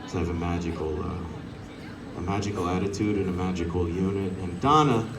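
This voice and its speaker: A man's voice: low-pitched, moderate pace, roomy sound, recorded from a distance, background noise. A man doing a stand-up set outdoors, teasing the crowd and acting out characters. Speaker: stand-up comedian. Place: outdoor show on a front lawn. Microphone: corded handheld mic.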